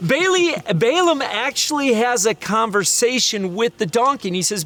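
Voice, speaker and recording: A middle-aged man preaching, an animated storyteller who acts out the voices in the story. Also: very high voice, normal speed, few pauses. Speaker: pastor. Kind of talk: sermon storytelling.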